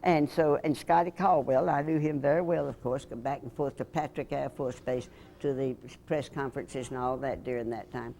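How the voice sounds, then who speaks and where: An older woman reminisces in a low, deep voice, spinning a lively anecdote and acting out the people in it. She talks in a chatty interview manner with a faint hiss of noise behind her. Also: normal speed. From Alabama, USA. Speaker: interviewee, former radio host and reporter. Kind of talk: storytelling reminiscence.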